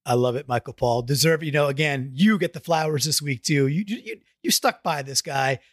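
A high-pitched man co-hosts a casual football podcast, jumping between jokes and excitement and tripping over his own words. The sound is close and dry, with no room around it. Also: normal speed, no room sound. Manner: excitable, jokey, many restarts. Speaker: podcast co-host. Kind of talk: casual sports podcast chat.

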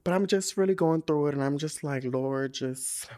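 A man's voice: on the high side, quick pace, darkish tone. A man hosting his own podcast in a casual solo monologue, sassy and profane with plenty of slang and laughter, sounding weary and stressed. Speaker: podcast host.

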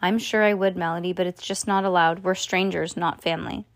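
A woman reading the lines of a gentle, patient mother in a storybook. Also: lowish voice, fairly even intonation, a little fast, dry recording, natural voice.

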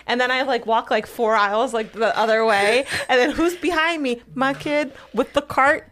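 A woman's voice: on the high side, moderate pace, hardly any pauses, fairly bright tone, slight background noise. A woman co-hosting a podcast, telling a joking anecdote about herself with a laugh. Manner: laughing, self-mocking anecdote. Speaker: podcast co-host. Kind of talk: casual chat.

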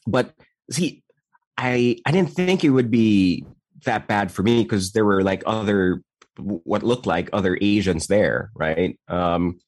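A man's voice: on the low side, measured pace, dry recording. A man from the Philippines, co-hosting a podcast, telling stories with laughter in casual chat. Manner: laughing, animated storyteller.

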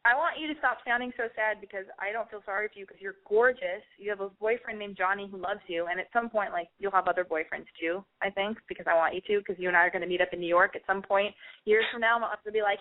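A woman's voice: mid-range voice, quick pace, hardly any pauses. A woman hosting a casual advice call, giving a rambling, profane, emphatic pep talk. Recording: tinny phone-line sound.

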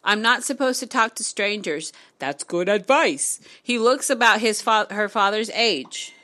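A woman reading a novel aloud on camera, breaking off into excitable, swearing reactions. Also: medium pitch, measured pace. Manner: animated, swearing, excitable asides. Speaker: book reader vlogger. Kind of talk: casual read-aloud with reactions.

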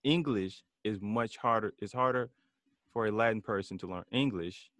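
A man hosting a casual conversation, relaxed and chatty, asking his guest questions. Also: lowish voice, moderate pace, dry recording, clean studio sound.

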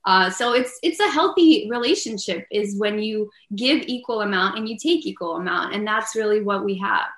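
A woman's voice: mid-range voice, moderate pace, hardly any pauses. A woman entrepreneur being interviewed, talking earnestly and casually with plenty of "like" fillers. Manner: earnest, peppered with "like", grows loud and emphatic. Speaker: entrepreneur and inventor, interview guest. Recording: echoey room.

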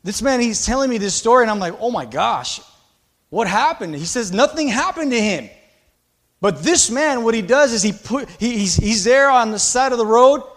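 A man with a strikingly high voice preaches a sermon to his congregation. He talks with passion, rising to loud exhortation and then dropping to quiet, confiding asides. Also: lively intonation, moderate pace. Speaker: pastor.

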